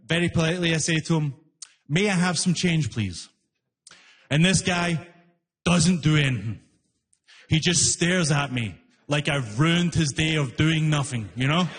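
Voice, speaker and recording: On stage before a laughing audience, this man, recently arrived from outside Canada, tells an animated story and plays both parts in raised voices. His voice is a little high and a bit bright at a normal pace, and the live recording carries hall reverb and faint room noise.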